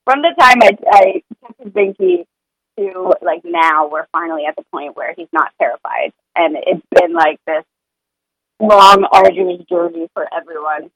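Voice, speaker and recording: A woman with a fairly low, creaky, fairly bright voice talks expressively at a moderate pace about potty-training her child. It's a casual podcast chat, and she is earnest and a bit rambling, using sing-song voices to repeat what she says to her kid, all on a rough recording.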